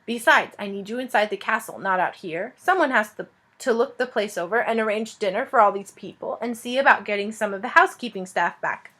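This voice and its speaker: A woman voicing a brisk, businesslike king in a storybook reading. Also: medium pitch, fairly bright tone, close to an everyday voice. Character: brisk kind middle-aged male king.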